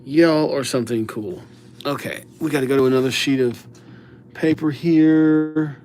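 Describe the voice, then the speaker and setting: A man's voice: medium pitch, steady tone, measured pace. A middle-aged man hosting a livestream, chatting casually and greeting viewers by name with playful nicknames. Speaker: livestream host writing viewers' names.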